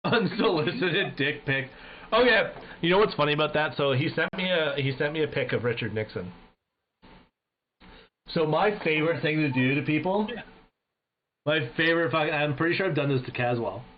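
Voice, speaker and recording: A man streams while casually telling anecdotes, swearing often and acting out the voices of people in his stories. His voice is on the high side at a moderate pace, and the audio sounds tinny and phone-like with faint noise.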